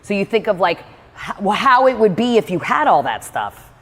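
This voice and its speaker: Rambling through a laid-back motivational talk about meditation, a woman keeps saying "like" and voices her inner dialogue aloud. Her mid-range voice is a bit bright with big pitch swings at a moderate pace, and it echoes in a reverberant room.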